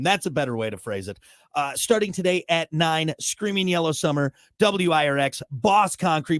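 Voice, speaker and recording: A man in his thirties hosts a morning radio show from a studio, chatting casually in a joking, rambling, self-mocking way. His voice sits on the high side, and the recording is dry and of studio quality.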